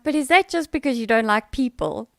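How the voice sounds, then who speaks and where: A woman's voice: fairly high pitch, expressive, a little fast, gravelly, a bit bright, dry recording, clean studio sound. A middle-aged woman, hosting a casual livestream chat, rambling and laughing with fillers. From South Africa. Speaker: livestream host.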